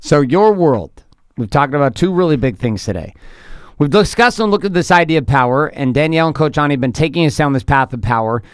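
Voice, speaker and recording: A man's voice: on the high side, lively intonation, brisk, clear, resonant tone, no room sound, studio quality. Emphatic motivational podcast host, a man. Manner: emphatic, repetitive motivational phrasing.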